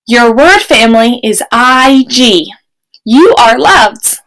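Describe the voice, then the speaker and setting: A young woman teaching a remote kindergarten lesson, speaking slowly and clearly in an encouraging teacher voice. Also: on the high side, expressive, fairly bright tone, poor audio.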